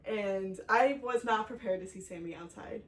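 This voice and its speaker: A woman with a mid-range voice co-hosts a podcast, telling a story at a moderate pace in casual chat. She fills her storytelling with "like," and the recording has a distant mic with faint background noise.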